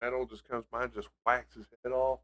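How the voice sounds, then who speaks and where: A man's voice: medium pitch, flat delivery, brisk, fairly bright tone. A man co-hosting a podcast, chatty and teasing in casual chat. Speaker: podcast co-host.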